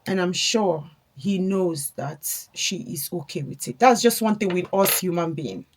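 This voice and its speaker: A woman's voice: lowish voice, animated, unhurried, a little hiss or hum. Candid young woman, rambling vlog chat. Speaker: vlogger. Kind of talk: casual get-ready-with-me storytelling.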